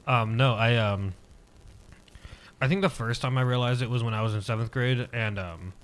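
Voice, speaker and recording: A man's voice: mid-range voice, normal speed. A man in his twenties, a podcast guest, telling a personal story casually and hesitantly, with many filler words.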